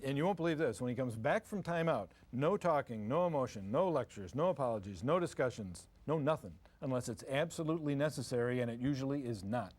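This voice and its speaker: A man's voice: mid-range voice, animated, brisk, hardly any pauses, a little mellow. Older man, parenting lecturer, folksy and joking, playing to a live seminar crowd. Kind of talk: humorous live seminar talk. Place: seminar room before a live audience.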